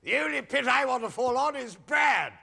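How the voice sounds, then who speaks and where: A high, gravelly, bright voice of a pompous old-school luvvie hamming up a panto dame. He talks in a theatrical lilt, swinging his pitch widely and reading his own stage directions aloud. Faint music sits underneath. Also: expressive, normal speed, full character voice. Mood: hammy. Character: camp veteran male actor playing a panto dame. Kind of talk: TV comedy drama acting.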